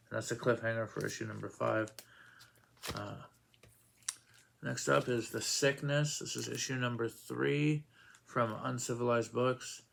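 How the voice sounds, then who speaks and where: A man's voice: mid-range voice, steady tone, a little fast, creaky, fairly bright tone. A man casually reviewing comic books, rambling with many fillers and acting out quoted lines in a raised voice.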